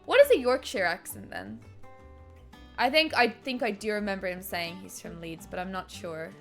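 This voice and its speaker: A woman's voice: medium pitch, sing-song, moderate pace, soft background music. A woman streaming a video game, chatting casually, laughing often and swearing as she reacts. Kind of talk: casual gaming commentary.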